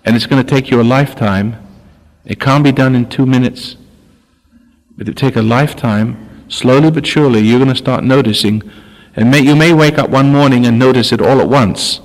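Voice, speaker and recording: A man's voice: medium pitch, normal speed. An older man giving a spiritual talk, often stopping, restarting and repeating words. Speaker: spiritual teacher. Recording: long hall reverb.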